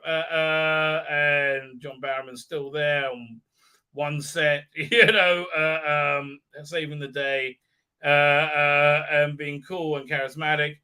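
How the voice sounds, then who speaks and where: A man rants his way through an episode recap, sarcastic and scornful. His voice is very bright and cutting and sits a little high. He mocks the characters by mimicking them, and his talk is full of stammered fillers and repeated "right?". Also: fairly even intonation, takes it slowly, smooth. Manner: mocking, mimics characters in exaggerated squeaky voices. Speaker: channel host.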